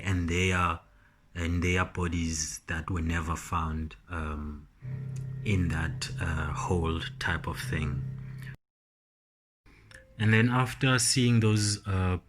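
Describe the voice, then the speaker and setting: A man's voice: steady tone, fairly bright tone, faint music behind. A man casually recapping a TV episode as a reviewer, hesitant with many ums and restarts. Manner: slow and low-key. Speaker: TV show reviewer.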